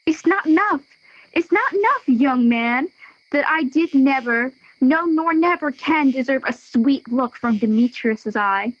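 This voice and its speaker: A desperate young noblewoman voiced by a teenage girl pleads and laments in verse for a school audio play. Her voice is high and slow. The recording is dry and dead, with a dull, muffled sound. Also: no room sound. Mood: wounded. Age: teens. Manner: plaintive, pleading verse reading. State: out of breath. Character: young scorned noblewoman, desperate and self-pitying.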